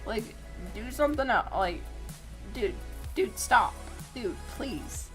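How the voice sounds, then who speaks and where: A woman's voice: a little high, lively intonation, slow, soft background music. A young woman telling a story casually as a streamer, profane and exasperated, with laughing squeals. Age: young adult.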